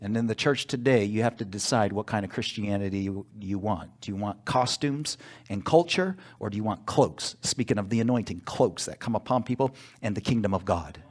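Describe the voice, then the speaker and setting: A male pastor preaching a sermon in church, emphatic, pausing for call-and-response asides. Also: lowish voice, darkish tone.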